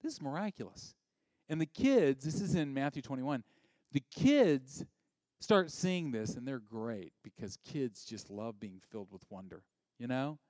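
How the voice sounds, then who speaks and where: Animated man preaching a sermon. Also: medium pitch, measured pace, dry recording. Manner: animated, dropping to a hushed near-whisper for emphasis. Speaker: pastor.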